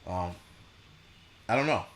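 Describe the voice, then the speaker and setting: A man hosting a casual livestream, ranting bluntly and profanely with mocking asides and halting restarts. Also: on the low side, lively intonation, fairly bright tone. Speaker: show host.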